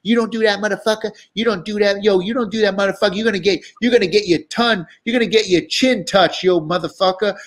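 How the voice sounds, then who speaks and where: A man's voice: high voice, steady tone, quick pace, hardly any pauses, voice pushed up. A furious young male rapper, as a man acts him out in a story, spits threats in street slang and keeps cursing. The voice jumps well above the storyteller's own and pushes hard. He sounds ready to swing.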